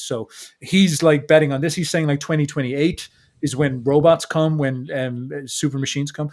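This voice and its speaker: A man talking as a podcast guest in a casual, animated way, acting out what other people said. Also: a little high, moderate pace. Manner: animated, acts out quotes of others. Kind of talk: casual conversational monologue.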